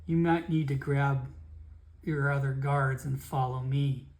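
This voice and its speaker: Narrator doing a grim male adventurer, blunt, flat delivery, close to a plain speaking voice. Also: mid-range voice, unhurried, natural voice. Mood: matter-of-fact.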